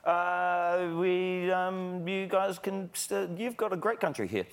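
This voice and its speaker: A man's voice: high voice, slow, heavy background noise. A man with a New Zealand accent, a film director guest on a late-night talk show, talking in a laid-back, jokey way with frequent chuckles.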